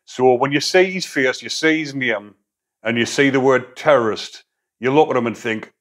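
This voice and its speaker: A man's voice: medium pitch, normal speed, a bit bright. A man, a former prisoner, giving a blunt, casual opinion monologue full of prison slang. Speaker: YouTube commentator, former prisoner.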